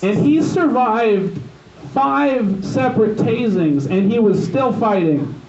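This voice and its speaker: A man's voice: high-pitched, expressive, takes it slowly, a little mellow, a little hiss or hum. A man doing stand-up at an open mic, telling a rambling, profane story full of restarts and lost threads. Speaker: stand-up comedian. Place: open mic night in a gym bar. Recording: echoey, distant, dull live room recording.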